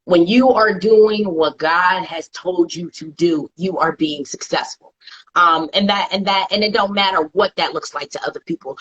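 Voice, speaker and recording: A woman's voice: medium pitch, slightly rough, lo-fi sound. A woman guest talking emphatically and with conviction about purpose and faith, often repeating herself for stress, close to tears. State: tearful, close to crying. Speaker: guest, TV host. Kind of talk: live interview conversation.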